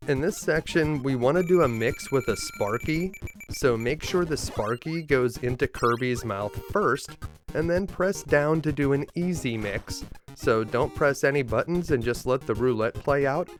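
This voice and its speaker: A man host narrating a scripted video game walkthrough in an upbeat, lightly joking way, over clear game music. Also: medium pitch.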